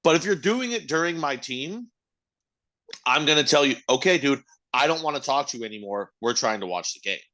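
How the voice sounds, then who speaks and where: Bright-voiced blunt man co-hosting. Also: mid-range voice, lively intonation, fairly quick. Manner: blunt, profane, emphatic. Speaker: podcast co-host. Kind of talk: casual chat.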